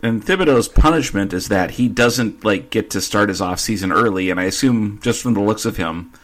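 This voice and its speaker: A man's voice: fairly low pitch, a little fast, fairly bright tone. A man co-hosting a casual sports podcast, joking and riffing on absurd made-up scenarios. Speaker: podcast co-host.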